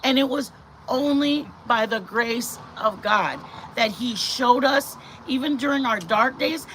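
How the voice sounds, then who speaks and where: A middle-aged woman vlogger telling a story to her viewers in a chatty, animated way that often turns to her faith. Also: fairly high pitch, a little slow, slight background noise. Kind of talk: casual storytelling to camera.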